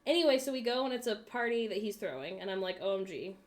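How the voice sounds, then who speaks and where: A woman's voice: a little high, quick pace. A young woman from the United States in casual chat, telling a long dream story with lots of fillers and laughs. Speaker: co-host. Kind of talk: casual chat on a craft stream.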